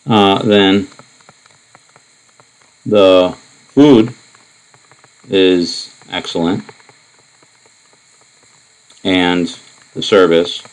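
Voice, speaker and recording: Low-voiced man giving a math lecture. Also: extremely slow, pauses often, clear, resonant tone, rough recording. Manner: relaxed and explanatory, with many fillers and asides. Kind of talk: recorded lecture.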